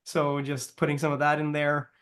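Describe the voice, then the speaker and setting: A man's voice: a little high, monotone, normal speed, a bit bright. A man being interviewed in a casual chat, talking loosely with many fillers and restarts and laughing often. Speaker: guest, language consultant.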